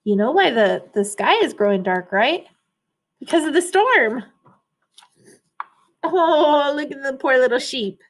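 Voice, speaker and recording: A woman reading a children's storybook aloud, pausing to explain words and ask the listeners questions. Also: sits high, lively intonation.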